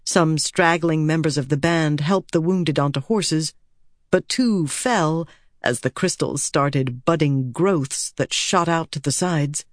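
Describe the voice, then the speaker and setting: Steady audiobook narrator, dry studio sound. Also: medium pitch, dry recording. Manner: measured and steady, voicing characters. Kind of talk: scripted narration.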